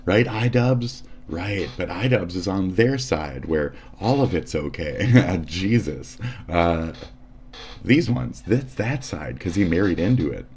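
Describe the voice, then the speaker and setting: This is a man with a very low voice, hosting a live stream and reacting to the news. He rants in a casual way, sarcastic and combative, and swears often. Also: lively intonation, takes it slowly, a little mellow, slight background noise. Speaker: livestream host. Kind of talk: profane ranting commentary.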